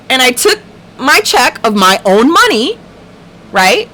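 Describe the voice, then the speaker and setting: A woman's voice: high voice, sing-song, slow, long pauses, background noise. A woman hosting a livestream, telling a story in a casual, profane, ranting way. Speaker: livestream host.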